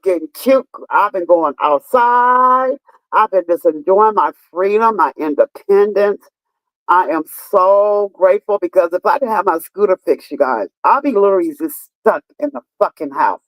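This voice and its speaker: A woman's voice: lowish voice, no room sound, rough recording. A woman in her fifties chatting casually on a live stream, telling stories emphatically with lots of swearing and talking straight to her viewers. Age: 50s. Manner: profane, emphatic storytelling, talks to viewers.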